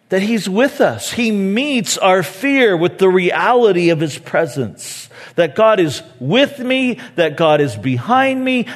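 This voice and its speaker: High-voiced pastor preaching in a hall. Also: male voice. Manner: earnest, repeats key phrases for emphasis. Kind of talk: sermon. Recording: long reverb of a large hall.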